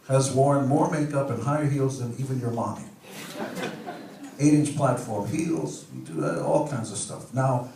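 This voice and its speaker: A man in his sixties gives a playful, joking speech to a conference crowd and punches his points with sudden loud emphasis. His voice sits at a middle pitch and rings around a very echoey hall, picked up from a distance over a faint hum of room ambience. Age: 60s. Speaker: conference speaker. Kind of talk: humorous speech to an audience. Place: large hall with an audience.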